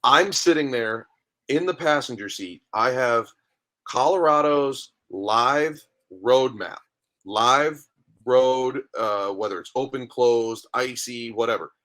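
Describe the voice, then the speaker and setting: A man of middle pitch chats as a guest on a podcast. He tells lively stories and acts out the dialogue. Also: normal speed. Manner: animated storytelling with acted-out dialogue. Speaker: guest, minor league hockey goalie. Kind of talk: casual interview chat.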